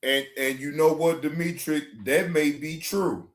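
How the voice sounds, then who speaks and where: Slow-talking male reaction host. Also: fairly high pitch, fairly even intonation. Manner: preachy, repeats himself, asks "right?". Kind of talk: casual commentary.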